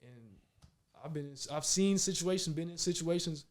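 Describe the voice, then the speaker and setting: A man in his thirties, a professional basketball player from Minnesota, chatting as a guest and telling lively stories in casual slang. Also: on the high side, moderate pace. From Minnesota, United States. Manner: animated storytelling, slangy, repeats "you know what I mean". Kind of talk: casual conversation.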